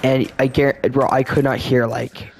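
A man's voice: medium pitch, little pitch movement, measured pace, creaky, a little mellow, a little hiss or hum. A man hosting a casual let's play commentary, rambling and laid-back with lots of filler words. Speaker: gaming channel host.

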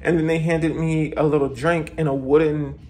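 A man's voice: on the high side, level tone, moderate pace, a little mellow. A man giving a casual, gushing vlog tour of a hotel room, chatting to viewers and exclaiming over every detail. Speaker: travel vlogger.

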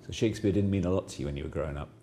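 A man's voice: low-pitched, rapid-fire, gravelly, mellow, slight background noise. A man working as a news reporter, narrating a report and putting probing questions to his interviewees.

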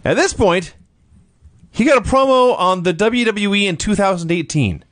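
Laughing often, a man co-hosting a casual podcast retells events storytelling-style during a relaxed wrestling recap chat. His voice is high-pitched and fairly bright, at a moderate pace, with no echo.

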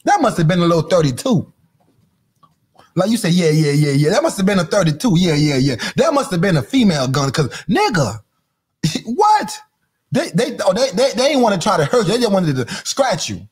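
A man hosting a podcast, delivering a loud comedic rant, mocking, repeating catchphrases and laughing often. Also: high-pitched, wildly swooping pitch, fairly quick, slightly rough. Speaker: podcast host.

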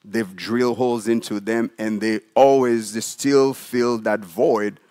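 Animated pastor preaching a sermon. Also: male voice, lowish voice, a little slow. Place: church sanctuary.

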